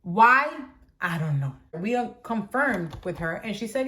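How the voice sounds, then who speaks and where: A woman's voice: medium pitch, very animated, normal speed, a bit bright. Chatty young woman telling a dramatic story. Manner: chatty, dramatic, heavy on fillers like "like". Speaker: vlogger. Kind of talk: storytime vlog.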